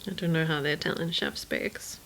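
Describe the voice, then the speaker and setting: Bright-voiced woman making wry asides. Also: low voice, steady tone, fairly quick, slight background noise. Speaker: podcast co-host. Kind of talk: casual watch-along commentary.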